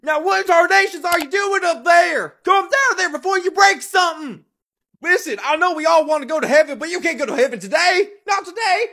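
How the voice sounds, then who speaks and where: A performer voicing an excitable, fussy puppet who yells and shrieks in a comedy fan dub. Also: quick pace, few pauses. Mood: fussing. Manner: shrill, frantic yelling.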